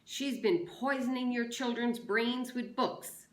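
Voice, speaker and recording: A woman voicing an angry male mob leader who shouts accusations, read aloud in an echoey room. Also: a little high, slow pace, pitched above the performer's own voice. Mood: shouting.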